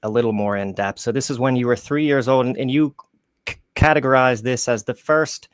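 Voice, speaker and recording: A man hosts a podcast, posing long, winding questions that restart and loop back on themselves. His voice sits in a middle pitch, recorded dry and close with no room sound. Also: fairly quick, clean tone, no room sound. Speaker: podcast host. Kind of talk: podcast interview.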